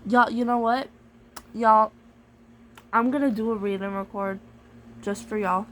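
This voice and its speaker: A woman's voice: on the high side, fairly even intonation, a little slow, a bit bright, a little hiss or hum, poor audio. A woman vlogger in casual chat to camera, chatty, jokey and playfully dramatic as she reviews a storybook device.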